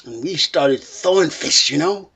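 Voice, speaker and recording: A man telling an animated personal story, expressive and peppered with "you know" and "bloke". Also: a little high, measured pace, creaky, slightly rough.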